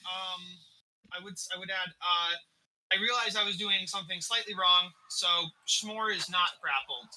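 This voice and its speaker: A man's voice: high-pitched, normal speed, pushed and bright, a little hiss or hum, poor audio. A man running an online tabletop game as dungeon master, patiently explaining rules and chuckling often. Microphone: desk mic.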